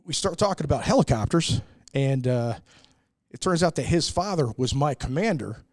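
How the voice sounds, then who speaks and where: A man's voice: fairly high pitch, expressive, moderate pace, no room sound, clean studio sound. A middle-aged American man, a brewery owner, telling stories in a casual interview, earnest and full of "uh"s. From United States. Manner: earnest, many "uh"s, acts out quoted people. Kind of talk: casual storytelling in a podcast interview.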